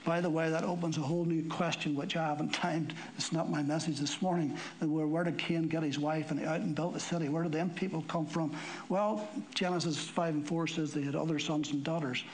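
High-voiced emphatic male preacher. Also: steady tone, brisk, slight background noise, low-quality recording. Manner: emphatic, climbing higher and louder when stirred. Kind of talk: sermon.

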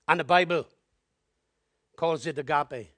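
A man preaching a sermon, telling his testimony in an animated storytelling way and building to emphatic appeals. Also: on the high side, a little slow, no room sound.

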